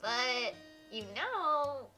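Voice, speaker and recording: A woman reading out a young boy in a visual novel, soft and wistful in her own voice. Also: high voice, big pitch swings, extremely slow, faint music behind, full character voice. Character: gloomy, hopeful young boy friend.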